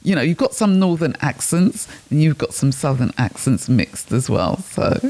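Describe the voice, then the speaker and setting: A woman's voice: sits low, big pitch swings, moderate pace, dark tone. A woman co-hosting a casual radio chat, bubbly and teasing, laughing often.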